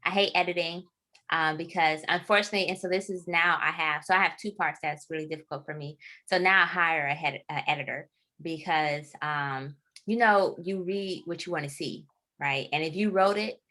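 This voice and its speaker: A woman author being interviewed in a casual chat, a lively storyteller who laughs often. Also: sits low, moderate pace. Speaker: author guest.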